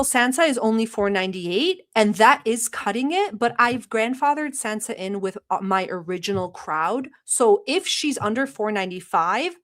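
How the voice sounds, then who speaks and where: A young woman hosting a livestream, talking in a sarcastic, rambling, mock-earnest way with lots of fillers. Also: mid-range voice. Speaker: livestream host. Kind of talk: satirical livestream chat.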